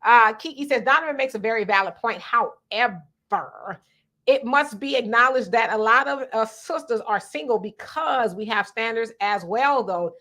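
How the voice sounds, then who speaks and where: A woman hosts a live stream, reading viewer comments in a sassy, playful way. Her voice is bright and edged, pitched a little high. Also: normal speed.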